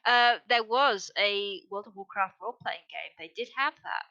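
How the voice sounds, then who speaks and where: A woman with a bright, forceful voice chats easily and laughs often. The sound is dry and somewhat dull, like a remote guest on a lo-fi line. Her pitch sits in the middle. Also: moderate pace, no echo. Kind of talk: casual stream chat.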